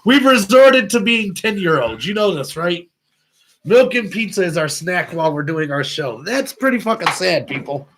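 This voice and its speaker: A man's voice: high-pitched, lively intonation, moderate pace, fairly bright tone, a little hiss or hum. A young man co-hosting a podcast, teasing his friends in casual chat and swearing casually. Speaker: podcast co-host.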